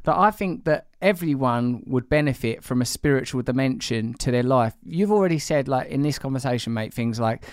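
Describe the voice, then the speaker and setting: Smooth-voiced man in his forties. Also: mid-range voice, animated, brisk, hardly any pauses, no room sound, studio quality. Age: 40s. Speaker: host. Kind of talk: casual conversation.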